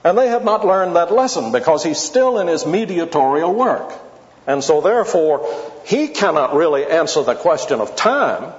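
A man giving an expository Bible lecture, deliberate and emphatic, stretching out key words for stress. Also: a little high, big pitch swings. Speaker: Bible teacher. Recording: dull lo-fi tape in a reverberant hall.

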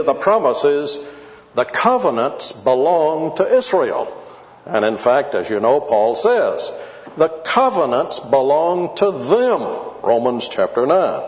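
A man giving an expository Bible lecture, deliberate and emphatic, stretching out key words for stress. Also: mid-range voice, a little mellow. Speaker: Bible teacher. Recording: dull lo-fi tape in a reverberant hall.

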